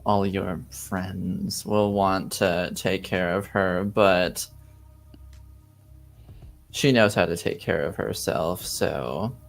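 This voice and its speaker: A man playing a tabletop game in character, with a measured, calmly menacing delivery. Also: sits low, creaky, soft background music. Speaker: player.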